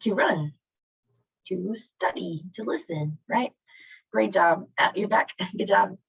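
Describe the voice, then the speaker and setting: A woman's voice: mid-range voice, slow, vocal fry, breathy edge, no echo. Encouraging woman teaching over a video call. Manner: encouraging, asks students questions. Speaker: Spanish teacher. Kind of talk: online class teaching. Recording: dull lo-fi video call audio.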